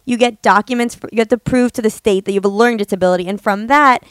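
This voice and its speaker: A woman's voice: on the high side, fast talker, dry recording. A young woman, joking sarcastically while chatting on a podcast with her mother. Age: young adult. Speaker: podcast co-host, comedian. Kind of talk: casual chat.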